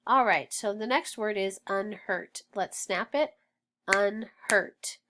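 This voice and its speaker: A woman teacher leading a phonics lesson for young children, sounding out words slowly and deliberately. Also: mid-range voice, lively intonation, noisy background. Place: home, recording alone.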